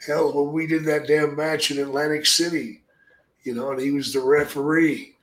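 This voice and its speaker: An older man telling profane stories in casual chat, with a gruff manner and loud acted-out quotes. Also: a little high, steady tone, moderate pace. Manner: gruff, swears constantly, acts out quotes loudly. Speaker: podcast guest, storyteller. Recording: echoey room.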